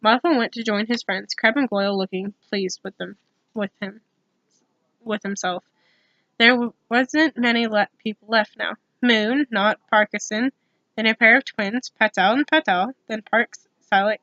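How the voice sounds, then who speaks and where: A woman's voice: mid-range voice, measured pace, sharp tone, no room sound, highs cut off. A woman giving an ASMR storybook reading, with casual asides between passages. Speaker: storybook reader.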